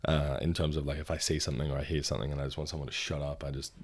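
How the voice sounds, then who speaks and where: A man's voice: very deep voice, level tone, racing. A young man talking casually in a solo audio journal, rambling and swearing freely. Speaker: podcast host.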